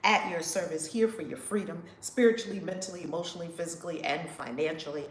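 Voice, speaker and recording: A woman hosting a casual livestream, greeting viewers by name in an effusive way, with big swoops in pitch and loudness. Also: fairly even intonation, fast talker, roomy sound, slight background noise. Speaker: livestream host.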